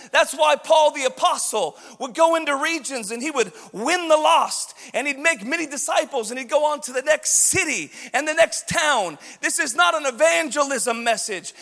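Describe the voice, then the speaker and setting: High-voiced man preaching with passion. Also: vocal fry, in a large hall. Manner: impassioned preaching, shouting and sing-song rises. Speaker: pastor. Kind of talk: sermon.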